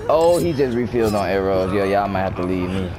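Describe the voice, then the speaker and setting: Young male gamer, lively swinging voice, excitable, yells and cusses on a headset, faint hiss. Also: low voice, brisk. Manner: excitable, swears, shouts and laughs often. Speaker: gamer streamer. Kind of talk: casual gaming chat with friends.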